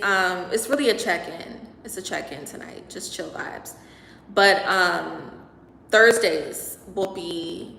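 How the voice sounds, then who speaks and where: A young woman hosts a casual livestream, chatting at length while reading and responding to viewer comments. Her voice is low-ish with vocal fry and a fairly bright tone, with slight background noise and a long reverb from an echoey room.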